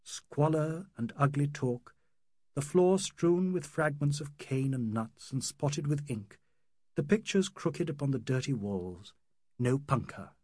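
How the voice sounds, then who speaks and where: Husky-voiced man narrating an audiobook. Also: fairly high pitch, expressive, unhurried, warm tone, dry recording, clean studio sound. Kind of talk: audiobook narration of a classic novel.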